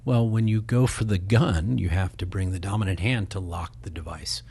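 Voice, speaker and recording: A middle-aged man from Kansas City, a podcast guest rambling through animated stories and acting out the voices of people he quotes. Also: low voice, normal speed, a little hiss or hum. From Kansas City, Missouri. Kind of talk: casual storytelling.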